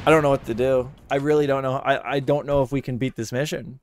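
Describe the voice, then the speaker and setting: A man's voice: medium pitch, steady tone, fast. A man streaming a video game live, ranting and swearing at the game with mounting frustration. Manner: profane, exasperated ranting and yelling. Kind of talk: live gameplay commentary. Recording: game audio noise behind. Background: game gunfire and vehicles.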